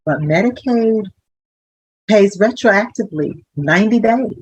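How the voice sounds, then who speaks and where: A woman hospital social worker, a guest in a conversational interview, explaining things in a measured way with some fillers. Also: mid-range voice, expressive, slightly rough, low-quality recording.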